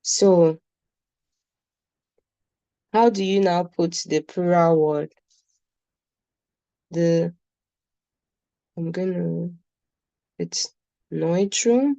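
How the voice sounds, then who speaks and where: A woman's voice: on the low side, drawn-out words, gravelly, long pauses, dark tone, dry recording, dull audio. A woman with a Nigerian accent teaching a beginner German class, patiently repeating words for her students. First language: Nigerian English speaker.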